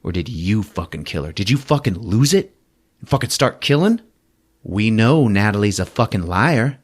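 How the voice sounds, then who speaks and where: A man's voice: fairly low pitch, lively intonation, moderate pace, slightly rough. A man voicing a paranoid woman who interrogates her captives, in a profane, accusing drawl.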